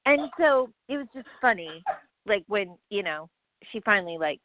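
A woman's voice: medium pitch, expressive, moderate pace, a little hiss or hum. A woman co-hosting a podcast, animatedly teasing her friend and talking straight to the listeners. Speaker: podcast co-host. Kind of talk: casual chat. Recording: dry, phone-like sound.

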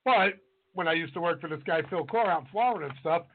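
A man's voice: on the high side, fast talker. A man, a cook and podcast co-host, chatting casually and telling stories from past kitchen jobs. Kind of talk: casual chat. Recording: tinny phone-like audio.

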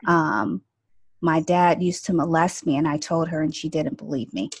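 A woman's voice: low-pitched, fairly even intonation, moderate pace, breathy edge, no echo. A woman who works as an esthetician and energy healer, telling stories in a casual, chatty way with lots of fillers. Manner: chatty, with many fillers like "like" and "you know". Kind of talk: casual storytelling chat.

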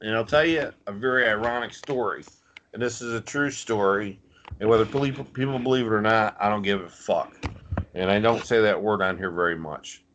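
A man's voice: lowish voice, brisk, a bit bright, slight background noise. A middle-aged man from Canada, a former wrestler, telling a story bluntly on a casual podcast, with plenty of swearing and quoted voices.

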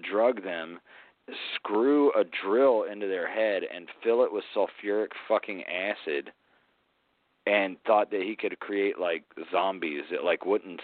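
A very deep-voiced man co-hosts a podcast in crude, rambling casual talk and laughs often. His voice sounds thin and phone-like. It is dry, with no room sound. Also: slow pace, no room sound. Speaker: podcast co-host.

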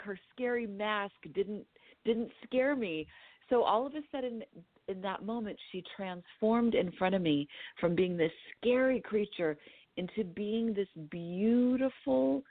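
A woman from California, a dream therapist telling a personal story as a podcast guest, animated and acting out what people said. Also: medium pitch, no echo. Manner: animated storyteller who acts out her own quotes. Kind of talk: storytelling in a conversational interview. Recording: tinny phone-like line, dry.

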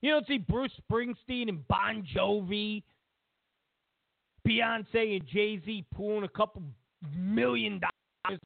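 A man's voice: sits high, slow, gravelly, long pauses, dry recording. A man hosting political commentary, ranting with sarcastic, mocking jabs. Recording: tinny phone-like line, dry.

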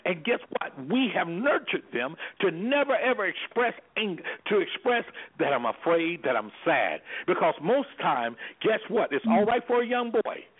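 A man's voice: high voice, slightly rough. A man speaking as an anger management specialist on a radio talk show, talking emphatically in a preacher-like way. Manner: emphatic, preacher-like, repeats "guess what". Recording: phone-line radio sound.

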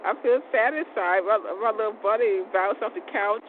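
Woman host, rambling solo monologue, stumbles and repeats herself, phone-quality sound with loud noise behind. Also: mid-range voice, moderate pace. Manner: rambling, repeats words and restarts often. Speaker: show host. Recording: tinny phone-like audio with loud background noise.

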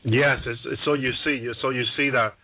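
A male preacher gives an excited testimony in a mid-pitched voice. He stammers and restarts his sentences, and he drops "hallelujah" between almost every phrase. The sound is narrow and dry, like a broadcast carried over a phone line. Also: normal speed, dry recording. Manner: grows louder and more excited. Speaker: radio ministry preacher. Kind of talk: testimony sermon.

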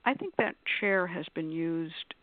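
A woman's voice: fairly low pitch, lively intonation, measured pace. A woman on a radio discussion panel, explaining at length in a conversational way and acting out quoted voices in her examples. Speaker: panelist on a call-in radio show. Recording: dry, tinny phone-like line.

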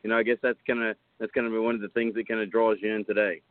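A man co-hosting a live sports talk show, speaking hesitantly with many pauses. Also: fairly low pitch, flat delivery, no echo. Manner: hesitant, many fillers and restarts. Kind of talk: casual live show chat. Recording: dry tinny phone-like line.

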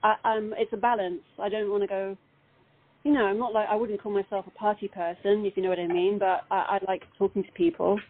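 A British woman speaking as an interviewed actress, animated and quick to restart her sentences. Her voice sits at a middling pitch, and it comes through a thin, phone-like video call line. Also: dry recording. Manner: animated, laughing, many restarts. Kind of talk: casual interview chat.

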